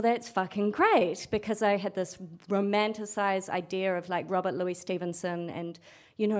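Sweary, animated woman telling a story. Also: medium pitch. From New Zealand. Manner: frank, animated and sweary, acting out quotes. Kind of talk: live storytelling. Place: storytelling event stage.

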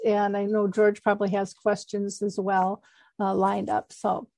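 A woman with a middle-pitched voice hosts an interview, keeping the talk moving in a friendly way. She nudges her guests back on track. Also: monotone, measured pace, gravelly, warm tone. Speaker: host. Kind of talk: interview conversation.

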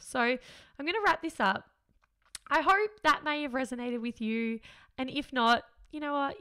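A woman's voice: high voice, expressive, normal speed, pushed and bright, clear, resonant tone. A woman, hosting a solo podcast in an earnest, upbeat, reflective way, often laughing. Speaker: podcast host.

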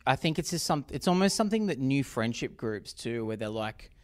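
Australian man, mid-pitched, animated and profane film-podcast talk. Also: a little fast. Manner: animated, swears casually. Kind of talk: casual film discussion.

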